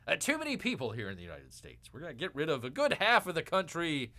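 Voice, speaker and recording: A man's voice: fairly high pitch, wildly swooping pitch, fast talker, bright, forceful tone, heavily acted. A man voicing a blustery male bear character who hosts a comedic show and talks in a folksy way with lots of fillers. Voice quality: folksy, blustery, keeps saying "people".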